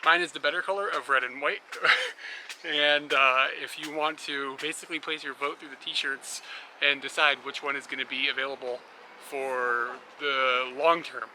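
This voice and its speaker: A man's voice: medium pitch, fairly even intonation, normal speed, bright, forceful tone, slight background noise, low-quality recording. A man vlogging casually while traveling, rambling and laughing often. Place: outdoors on a motorbike trip.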